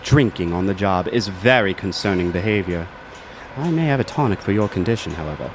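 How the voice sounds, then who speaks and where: A man's voice: low voice, animated, brisk, background noise. An actor playing a coldly smug, scheming male foreman who is also a doctor, speaking in a silky, condescending, menacing way. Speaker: villain.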